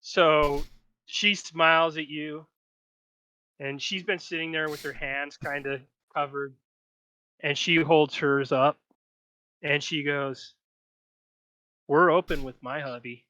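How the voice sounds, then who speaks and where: A man narrating a tabletop role-play game as game master, describing scenes in lively detail. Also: a little high, clean tone, dry recording.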